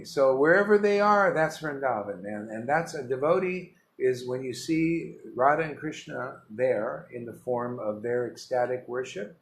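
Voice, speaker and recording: A man, a spiritual teacher, giving an informal devotional talk, emphatic and rambling, full of rhetorical questions. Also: on the high side. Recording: roomy echo with faint ambience.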